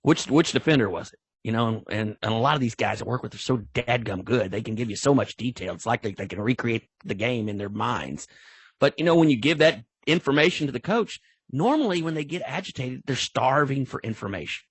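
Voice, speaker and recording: Expressive and fairly quick, this older man's mid-range voice has a breathy edge and no room sound. A football official guest-speaking at an online training session, he spins folksy, rambling stories and often starts over.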